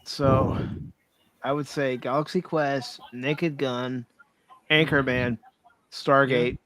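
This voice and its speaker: A man's voice: medium pitch, slow. Easygoing man hosting a casual stream. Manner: easygoing, relaxed, restarts often. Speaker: host of a pop culture livestream. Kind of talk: casual chat, reading out viewer votes.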